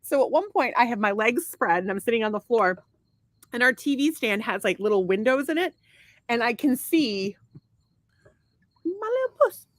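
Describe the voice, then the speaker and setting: A middle-aged woman with a somewhat high voice, co-hosting a podcast with her husband. She talks crudely and rambles, laughing often. The sound is dry and close. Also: animated, moderate pace, no echo. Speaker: podcast co-host. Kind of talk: casual married-couple chat.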